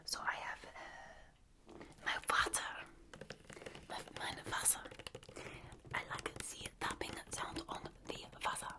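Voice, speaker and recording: A woman's voice: slow, pauses often, close to an everyday voice. A woman voicing a whispered ASMR role with a put-on German accent, in a clipped, formal manner. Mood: calm.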